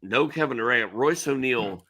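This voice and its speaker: A man's voice: mid-range voice, expressive, moderate pace, sharp tone. A man co-hosting a fantasy basketball betting show, laid-back and confident in casual chat. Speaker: co-host.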